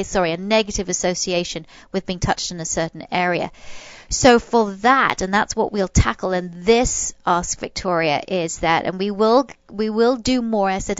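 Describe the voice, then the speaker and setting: A woman's voice: mid-range voice, smooth, no room sound, lo-fi sound. A woman hosting a podcast, giving dog-training advice in a reassuring, loose manner, often restarting her sentences.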